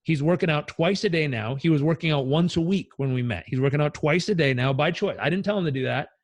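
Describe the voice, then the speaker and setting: A man, a life coach, telling stories in a casual interview, energetic and blunt, swearing freely. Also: fairly high pitch, fast talker, dry recording.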